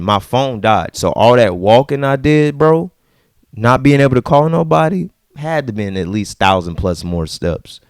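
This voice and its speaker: A man ranting casually to camera in a vlog, slangy and repetitive, dropping to low mutters and jumping to high outbursts. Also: clear, resonant tone, no echo, clean studio sound. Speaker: vlogger.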